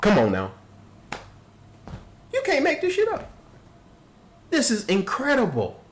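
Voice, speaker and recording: A man's voice: extremely high pitch, a little slow, low-quality recording. A man hosting a podcast, reacting to a court video in casual commentary, mocking and acting out people. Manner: animated, mocking, acts out people in quotes.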